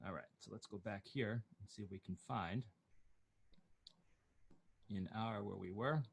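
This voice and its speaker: A middle-aged man teaching Torah reading over a video call, chanting cantillation note names slowly and breaking off into quick spoken explanations. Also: on the low side, gravelly, slightly rough. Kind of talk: online class, chanting cantillation notes.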